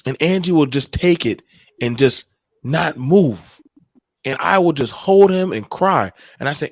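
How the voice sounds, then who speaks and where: A man telling stories on a podcast, emphatic and animated, with plenty of profanity. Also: fairly high pitch, unhurried, no room sound. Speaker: podcast co-host. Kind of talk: casual podcast discussion.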